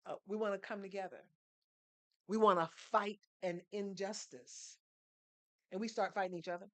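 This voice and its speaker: A woman's voice: medium pitch, fairly even intonation, normal speed, dry recording. Lady guest on a podcast, earnest teacher vibe, asks the room questions, dry mic. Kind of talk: storytelling conversation.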